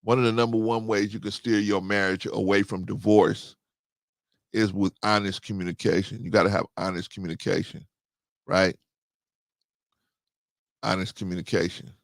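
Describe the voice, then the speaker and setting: A man's voice: fairly low pitch, vocal fry, no room sound. A man in his fifties hosting a casual monologue, telling a story and repeating phrases for emphasis. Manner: storytelling, acts out quoted dialogue. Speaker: host.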